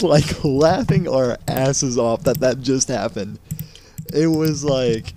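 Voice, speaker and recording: Young male podcast co-host, rambling storyteller, mid-pitched voice, faint hiss behind. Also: takes it slowly, warm tone. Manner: rambling storyteller, repeats words, laughs a lot. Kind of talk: casual chat.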